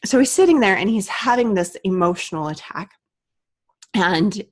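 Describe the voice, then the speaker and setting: A woman's voice: mid-range voice, lively intonation, normal speed. A woman in her thirties, an aromatherapist, earnestly telling a personal story to the camera. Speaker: aromatherapist and vlogger.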